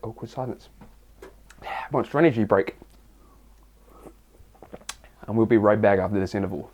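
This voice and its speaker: A man's voice: fairly low pitch, a little fast, pauses often, a little mellow. A young English man answering viewer questions in a casual vlog, rambling and crude with lots of jokes. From England. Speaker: fitness vlogger.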